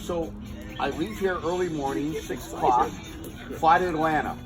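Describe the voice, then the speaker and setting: A man casually telling a rambling story to friends, animated and swearing freely. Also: a little high, moderate pace, over loud music, poor audio.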